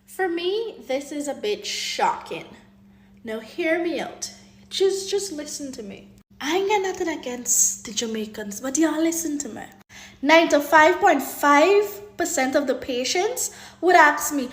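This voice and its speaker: A Guyanese woman telling a story in a lively, exasperated way. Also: sits high, a little slow, reverberant. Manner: lively, exasperated, acts out quotes. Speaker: healthcare worker. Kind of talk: animated storytelling.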